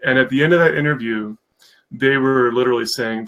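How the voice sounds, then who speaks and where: A man's voice: mid-range voice, fairly quick, fairly bright tone, rough recording. A man talking as a guest on a live stream, enthusiastic and rambling, with many fillers. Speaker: guest, mentorship program founder. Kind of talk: casual live-stream interview.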